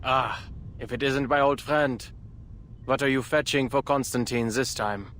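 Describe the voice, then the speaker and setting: A man voicing a sardonic, composed scientist in a game, speaking in a dry, measured way. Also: mid-range voice, fairly even intonation, fairly bright tone, a little hiss or hum, lightly acted. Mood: wry. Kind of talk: game voice acting.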